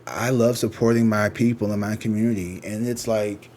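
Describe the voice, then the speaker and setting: Casual male tarot reader, low voice, loose and slangy, swears freely. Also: steady tone, moderate pace, a little mellow, slight background noise. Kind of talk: casual rambling chat to viewers.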